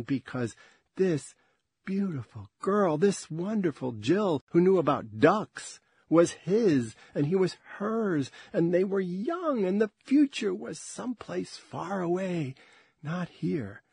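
A man narrates a story with slow, measured drama. His voice is husky and mid-pitched, and it sounds dry and close to the mic. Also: a little mellow, no room sound. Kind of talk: audiobook-style story narration.

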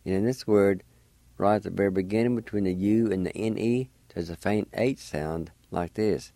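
A man hosting a radio language lesson, slowly spelling words letter by letter and repeating each one. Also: lowish voice, warm tone, no echo. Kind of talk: slow spelling and pronunciation lesson.

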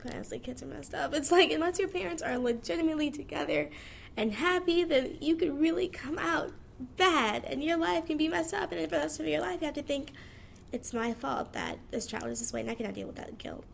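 19 yr old girl just talking, candid, kinda high voice w some gravelly fry, faint hiss behind. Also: brisk. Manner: frank, chatty, laughs while talking. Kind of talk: candid personal monologue.

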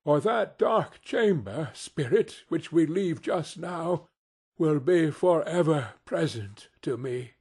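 A man reading aloud and voicing an old male miser who pleads with a spirit, in a husky, lively voice. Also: on the high side, slow pace, voice pushed up, heavily acted. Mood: pleading.

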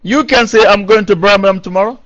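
A man's voice: sits high, fast talker, fairly bright tone. A man giving a Quran commentary lecture who recites Arabic verses, then translates and explains them, repeating key phrases for emphasis. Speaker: preacher. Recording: dull lo-fi recording.

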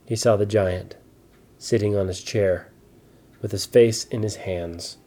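A man telling an improvised bedtime story to a child, slow and gentle. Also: on the low side. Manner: slow, soft, animated voices for dialogue.

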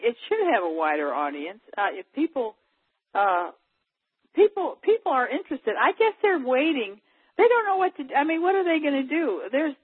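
A woman's voice: a little high, breathy edge, no room sound. A woman chatting as a guest in a casual phone conversation, talking in a rambling, chatty way. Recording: tinny phone line.

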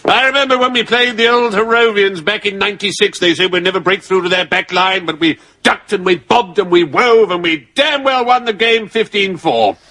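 An actor playing a blustering, bluff old British general, booming and barking in an upper-class English accent, in a sitcom. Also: male voice, normal speed, few pauses, sharp tone. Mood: hearty. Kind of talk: sitcom acting before a studio audience.

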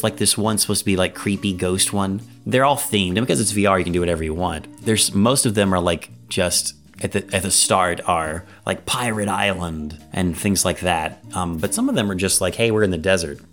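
A man's voice: on the low side, a bit bright. A man co-hosting a podcast in casual chat, rambling with lots of fillers and "like". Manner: rambling, filler-heavy, frequent "like". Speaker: podcast co-host.

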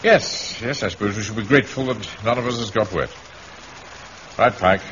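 A man's voice: fairly low pitch, moderate pace, fairly bright tone, slight background noise, close to an everyday voice. An actor playing a pompous middle-aged captain in a radio comedy, brusquely ordering his men about. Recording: dull old radio recording, studio audience.

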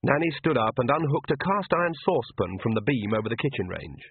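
A man narrates a story with a lively, rising and falling pitch and a husky texture. The sound is dry and thin, like a phone line. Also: a little fast. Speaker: audiobook narrator. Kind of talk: scripted narration.

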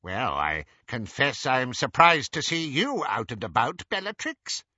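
Audiobook: man playing a cool, suspicious wizard, lively pitch, bright, dry sound. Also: a little slow, dry recording, highs cut off, full character voice. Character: cool, haughty middle-aged dark wizard.

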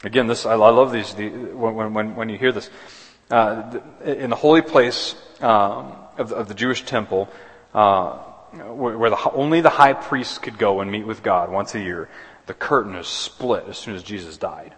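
A man's voice: on the low side, normal speed, fairly bright tone. A man preaching a sermon as pastor, earnest, often restarting and repeating words. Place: church sanctuary. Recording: long hall reverb.

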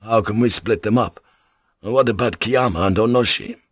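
A man's voice: fairly low pitch, moderate pace, slightly rough, no room sound, muffled recording. A man voicing a loyal, blunt old samurai general in an audiobook, eager and deferential. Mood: earnest. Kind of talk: audiobook character voice.

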